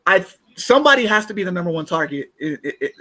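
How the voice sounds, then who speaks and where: A man co-hosting a casual sports podcast, relaxed and chatty, sometimes tripping over his words. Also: high voice, fast. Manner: relaxed, chatty, laughs easily, stumbles on words. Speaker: podcast co-host. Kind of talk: casual sports talk, mock draft.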